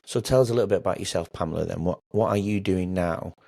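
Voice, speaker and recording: A man's voice: deep voice, quick pace, creaky, dark tone. A man hosting a podcast interview, chatty and rambling with frequent restarts. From England. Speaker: podcast host.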